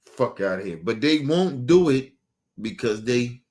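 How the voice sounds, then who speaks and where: A man ranting heatedly and profanely on a casual stream as its host, repeating himself and swinging from loud bursts to low mutters. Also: animated, measured pace.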